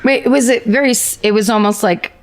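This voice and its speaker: A woman co-hosting a podcast, chatting casually and jumping in with quick, playful asides. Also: a little high. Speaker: podcast co-host. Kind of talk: casual chat.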